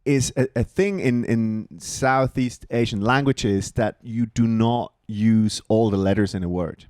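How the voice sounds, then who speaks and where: A man co-hosting a casual comedy podcast, telling profane stories with animated energy. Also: fairly low pitch, unhurried, clean tone, no room sound, studio quality. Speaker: podcast co-host. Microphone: studio podcast mic.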